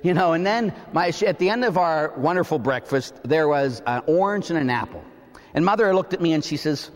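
Male priest, sermon, animated storyteller, lively swooping pitch, long church echo. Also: a little fast. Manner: animated storyteller, acting out quoted voices.

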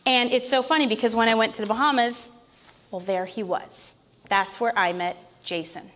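A woman's voice: fairly high pitch, fairly even intonation, moderate pace, fairly bright tone. A woman in her thirties giving a heartfelt Christian testimony, telling her story with candid asides and light laughs. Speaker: Christian speaker sharing testimony. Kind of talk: personal testimony talk.

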